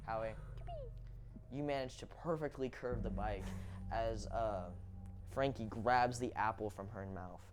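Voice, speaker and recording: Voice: mid-range voice, a little slow, pauses often, noisy background. A game master narrating a tabletop game in a playful, theatrical way.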